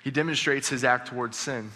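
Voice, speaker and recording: A man preaching a sermon, telling a story earnestly and dropping to a hush on key lines. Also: medium pitch, fairly even intonation, fairly quick. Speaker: pastor. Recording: long reverb of a large hall.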